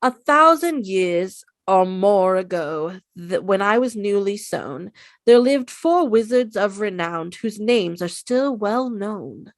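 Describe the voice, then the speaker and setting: A woman voicing the ancient wise Sorting Hat, reciting a long rhyming poem calmly and slowly. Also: medium pitch, no echo. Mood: storytelling.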